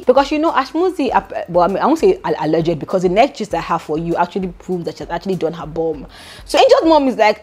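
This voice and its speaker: A woman's voice: on the low side, brisk, husky. Chatty Nigerian woman dishing gossip. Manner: chatty, animated, sprinkled with pidgin asides. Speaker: gossip vlogger. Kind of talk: casual gossip chat.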